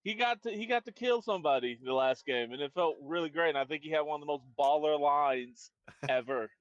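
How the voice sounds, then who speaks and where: A man chatting as a tabletop game player from a truck stop, excitable and scattered, quick to apologize. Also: a little high, no room sound. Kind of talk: casual chat. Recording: dull lo-fi mic sound.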